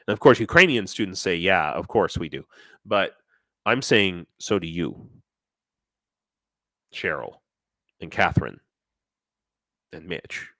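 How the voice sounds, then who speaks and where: A lower-pitched man with a bright, forceful voice talks casually on a live stream. He rambles, circles back to restart sentences and answers his chat by name. The sound is close and dry. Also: sing-song, slow, pauses often, no echo. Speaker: teacher.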